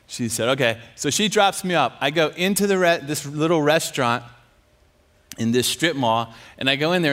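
A preacher telling a story in a sermon. He is animated and self-mocking, and he often laughs as he talks. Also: mid-range voice.

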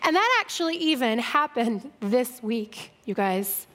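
High-voiced woman telling a funny testimony. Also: takes it slowly, long pauses. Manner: self-deprecating, lively, laughs often. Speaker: speaker sharing testimony. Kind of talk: humorous personal testimony.

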